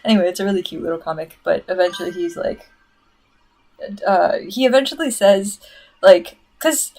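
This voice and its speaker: A woman streaming casually and answering chat, chatty and excitable, full of "like" and "um" as she rants. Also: lowish voice, normal speed, soft background music. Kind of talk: casual livestream rant.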